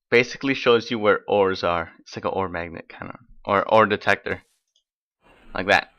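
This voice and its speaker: A man's voice: fairly low pitch, bright, forceful tone, clear, resonant tone, highs cut off. A man giving casual, rambling gameplay commentary as host of his own let's play, talking in an offhand, chatty way.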